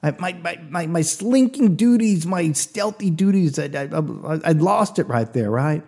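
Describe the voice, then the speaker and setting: A man's voice: a little high, expressive, a little slow, mellow. A man hosting a podcast, telling a comic story in a chatty way, with confiding asides to the listener. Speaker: podcast host.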